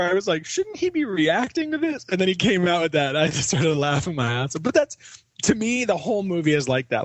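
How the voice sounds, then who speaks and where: A man's voice: on the high side, no echo, rough recording. Laughing, enthusiastic man on a podcast. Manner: laughs often, animated and enthusiastic. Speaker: podcast co-host. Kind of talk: casual film review chat.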